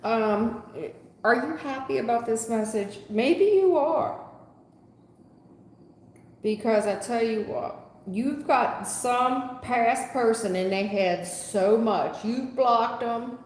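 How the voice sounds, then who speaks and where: A woman with a slightly high voice speaks slowly, with slight background noise, as she gives a live tarot reading. Her manner is sarcastic and folksy, scolding the listener, and the echoey room leaves a long reverb.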